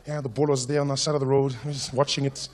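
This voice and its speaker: A young man telling stand-up comedy stories, animated and acting out characters and sound effects. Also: medium pitch, fast talker. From South Africa. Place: live comedy stage.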